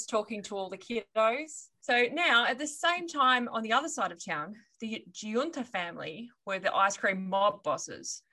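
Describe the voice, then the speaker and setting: A woman's voice: on the high side, sharp tone. A woman co-hosting a casual podcast, telling a story with wry asides and frequent laughter.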